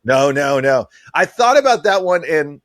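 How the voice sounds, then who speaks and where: A man's voice: a little high, measured pace, no room sound, studio quality. A middle-aged man chatting as a podcast guest, telling enthusiastic stories about the movies he loves. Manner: animated, enthusiastic storyteller. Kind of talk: casual chat.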